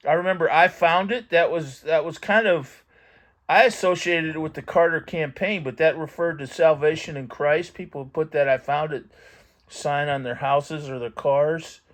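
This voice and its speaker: A middle-aged man with a fairly high voice hosts his own vintage magazine channel, talking at a moderate pace. He pages through an old magazine, reading bits aloud, reminiscing and thinking aloud in a rambling, casual way.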